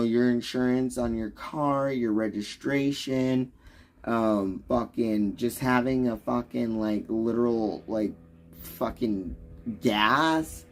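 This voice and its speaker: A young man with a gravelly, creaky voice rants at his stream chat in slow, drawn-out bursts. His tone is heated and sarcastic, and he swears freely. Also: mid-range voice. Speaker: livestreamer. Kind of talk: ranting livestream chat.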